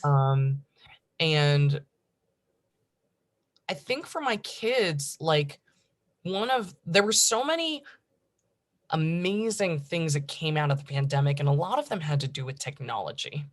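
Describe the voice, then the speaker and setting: A woman in her thirties from the United States, speaking as a panelist in a conference discussion, chatty and animated. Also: sits low, measured pace, pauses often.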